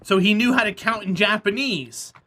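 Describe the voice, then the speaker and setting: A man's voice: high-pitched, moderate pace, sharp tone. A man streaming a game, chatting casually with viewers and telling rambling stories, laughing often. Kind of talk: casual chat with viewers while gaming.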